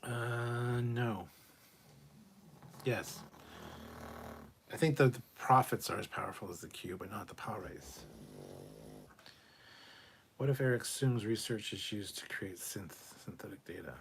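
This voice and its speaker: A man's voice: fairly low pitch, unhurried, pauses often, slight background noise. A man hosting a casual live stream, reading viewer questions aloud and answering them bluntly, with plenty of swearing and muttered asides.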